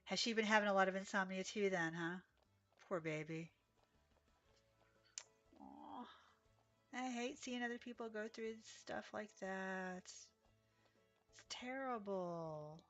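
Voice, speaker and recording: A woman's voice: medium pitch, slow pace, long pauses, fairly bright tone, lo-fi sound, soft background music. A woman live-streaming a horse game, chatting casually with viewers, sleepy and yawning, with little gasps and exclamations. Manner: chatty, reads chat aloud, gasps and exclaims.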